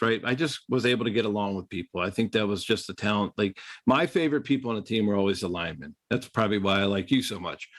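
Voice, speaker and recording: A middle-aged man, a podcast guest and former quarterback, telling stories in a casual interview and acting out other people's voices. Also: lowish voice. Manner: animated storyteller acting out quoted voices.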